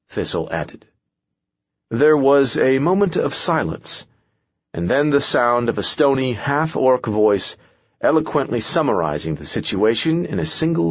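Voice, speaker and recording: A man narrating a fantasy audiobook in measured storytelling. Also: medium pitch, very animated, no echo, muffled recording.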